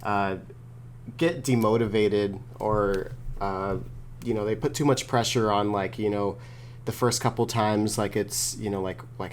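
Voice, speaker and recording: A man's voice: fairly low pitch, steady tone, a little slow, slight background noise. Rambling man with many fillers. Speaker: guest, wrestler and creator. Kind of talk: casual interview talk.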